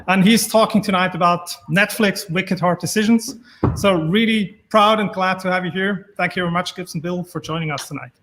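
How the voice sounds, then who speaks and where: Hesitant, higher-voiced man hosting. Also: moderate pace, a bit bright. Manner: hesitant, many ums and uhs. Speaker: event host. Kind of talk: event introduction.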